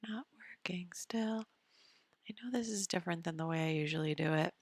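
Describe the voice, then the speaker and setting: A woman's voice: sits low, very fast, dry recording. A woman hosting an astrology live stream, chatting casually and muttering half-whispered asides to herself while she fixes her screen sharing. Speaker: astrology show host.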